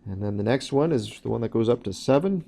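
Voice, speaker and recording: A man teaches a recorded math lesson, walking through each step plainly with some fillers. His medium-pitched voice is expressive, quick, gravelly and mellow.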